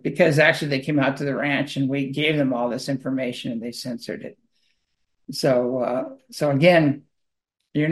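Rambling man talking on radio. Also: medium pitch. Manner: rambling, with many fillers and restarts. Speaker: radio show guest speaking on spirituality and UFOs. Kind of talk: casual monologue.

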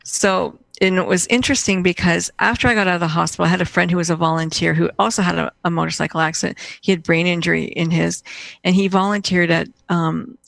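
A woman's voice: on the low side, steady tone, quick pace, gravelly, a bit bright, no echo. A middle-aged woman, a guest in conversation, telling a personal story in a rambling way with many restarts and fillers.

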